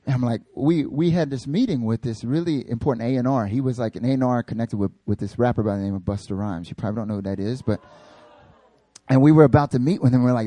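A male pastor tells funny stories during a sermon, joking with and talking to his congregation in an animated way. His voice is medium-pitched and quick, recorded with clean studio sound and no room sound.

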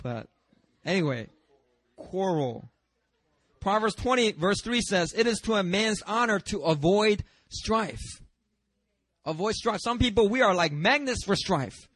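A pastor preaching a sermon in a lively, conversational way, with self-deprecating humor and chatty asides. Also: male voice, sits high, a little slow, no echo, clean studio sound.

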